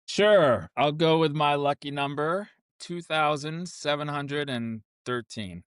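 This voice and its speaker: A man's voice: fairly high pitch, slow, clear, resonant tone, dry recording, studio quality. A man co-hosting a casual podcast chat, upbeat and earnest. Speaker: podcast co-host.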